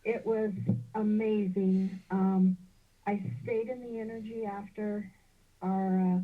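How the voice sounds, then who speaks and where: A woman calling in to a spiritual show, grateful, soft and unhurried as she shares her experience and asks a question. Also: medium pitch. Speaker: caller. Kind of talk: casual call-in. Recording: tinny phone line.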